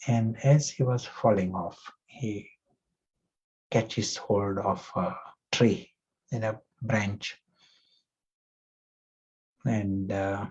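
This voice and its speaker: A male spiritual teacher giving a class, reflective and gentle, telling a parable and asking his listeners questions. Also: lowish voice, drawn-out words, creaky, long pauses, slightly rough. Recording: muffled lo-fi recording.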